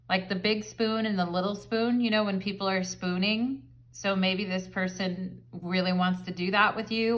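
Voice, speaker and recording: A woman talks to camera in a chatty, rambling way, filling her tarot reading with "like" and "um". She sounds relaxed and at home, speaking in a mid-range voice. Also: mid-range voice. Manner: chatty, rambling, filler-heavy. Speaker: tarot reader. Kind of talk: casual pick-a-card tarot reading.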